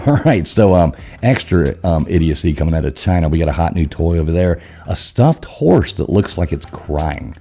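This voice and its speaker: A man hosting a podcast, running through the news with crude, irreverent jokes and quick asides. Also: low voice, sing-song, vocal fry, mellow. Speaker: podcast host. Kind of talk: crude comedic news rundown.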